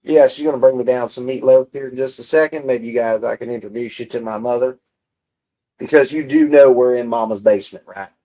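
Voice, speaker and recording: A young man streaming from home speaks briskly with a warm, medium-pitched voice. Casually reading chat, he trades profane, mocking banter with his viewers.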